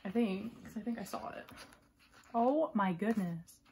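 A woman vlogger unboxing a photobook, gushing and excitable, often dropping into breathy whispers. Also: mid-range voice, unhurried, a little hiss or hum. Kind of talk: casual unboxing commentary.

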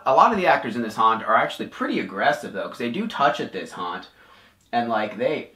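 A man casually reviewing a haunted attraction, excited and rambling with lots of "like". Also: medium pitch, a little fast, echoey room.

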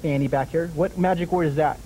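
A man's voice: a little high, steady tone, brisk, warm tone, faint music behind, rough recording. A man hosting a children's drawing lesson, talking his young viewers through each step with patient, encouraging questions and frequent chuckles. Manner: chuckles often while drawing.

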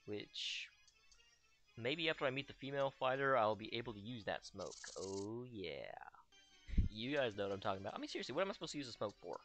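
A man's voice: mid-range voice, lively intonation, fast talker, fairly bright tone, faint music behind. A young man giving casual, joking commentary over his own gameplay, full of sarcastic asides. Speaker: let's play host.

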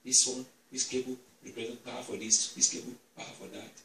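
A man preaching a sermon as an apostle, telling stories that build into shouted declarations, in a church hall. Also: mid-range voice, fairly even intonation, quick pace. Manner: storytelling that swells into shouted declarations. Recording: echoey church hall, distant mic.

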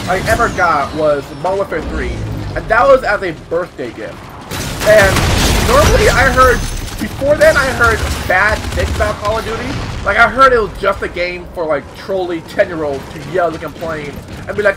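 A young man giving casual, excitable commentary while playing a shooter game, swearing often and yelping when hit. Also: high-pitched, moderate pace, music in the background. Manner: excitable, swears a lot, yelps at hits. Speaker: gaming YouTuber. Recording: game noise under the voice.

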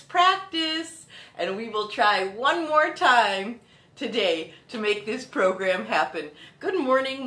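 A woman hosting a live children's singalong show, talking slowly and in a sing-song way to small children. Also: on the high side. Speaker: children's music host. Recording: echoey room with loud guitar.

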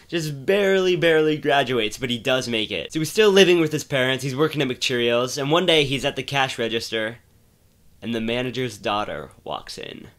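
A man casually telling a made-up comic story, rambling with many fillers and restarts and deadpan build-ups. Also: mid-range voice.

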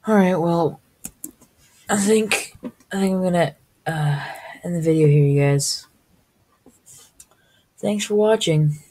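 A woman's voice: lowish voice, takes it slowly, long pauses, warm tone, slightly rough, rough recording. A woman hosting a casual let's-play video, exclaiming and gasping at the game. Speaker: gaming video host.

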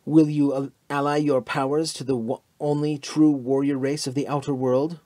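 A man's voice: mid-range voice, flat delivery, moderate pace, mellow, no room sound, natural voice. A man reading the part of a fanatical young Nazi officer in an audiobook, in a fervent, pressing voice.

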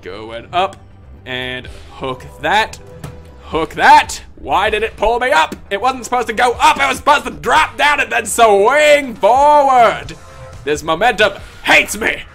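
A man doing angry gameplay commentary, ranting, yelling and cursing at the game, then muttering low under his breath between outbursts. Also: vocal fry. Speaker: gaming video creator.

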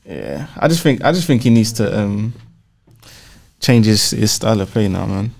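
A man's voice: fairly low pitch, expressive, creaky, darkish tone. A man chiming in agreeably during a casual football podcast chat. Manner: agreeable, quick affirmations. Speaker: podcast co-host.

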